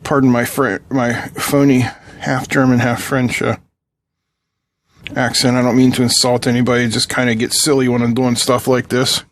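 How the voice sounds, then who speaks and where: A man chatting his way through a hands-on electronics tutorial, cracking dry jokes and teasing asides to the viewers as he works. He talks at an average pitch in a relaxed, conversational way, as if the audience is sitting beside him at the workbench. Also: moderate pace. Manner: joking, chatty asides while working. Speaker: electronics channel host.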